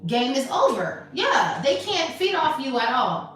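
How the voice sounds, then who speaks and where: A woman's voice: high voice, big pitch swings, a little slow, distant mic, noisy background. A woman giving a spiritual tarot reading, blunt, sassy and emphatic, often swearing. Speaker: tarot reader. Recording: very echoey room, off mic, faint music.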